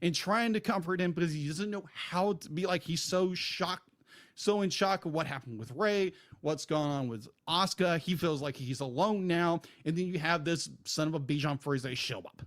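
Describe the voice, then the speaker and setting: A man's voice: on the high side, normal speed. A man co-hosting a podcast, ranting heatedly about a show he is reviewing. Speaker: podcast co-host. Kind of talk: casual review chat.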